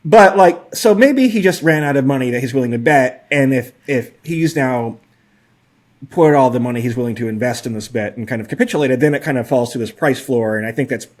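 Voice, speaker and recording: A man's voice: mid-range voice, brisk. A man in his forties co-hosting a podcast, talking through data in a casual, hedging way with lots of fillers and a wry edge. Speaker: podcast co-host. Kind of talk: casual analytical chat.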